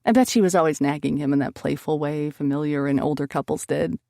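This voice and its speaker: A woman's voice: low voice, steady tone, fast talker, vocal fry, mellow, dry recording, clean studio sound. A woman narrating a first-person romance audiobook expressively, lifting her voice on emotional lines.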